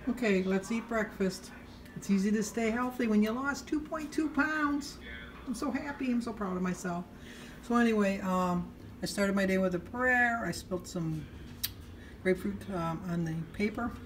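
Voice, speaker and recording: A woman's voice: mid-range voice, moderate pace, a little hiss or hum. Chatty woman telling stories in a vlog. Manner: animated storyteller who acts out both sides of conversations; upbeat and self-deprecating. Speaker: vlogger sharing weight-loss diary.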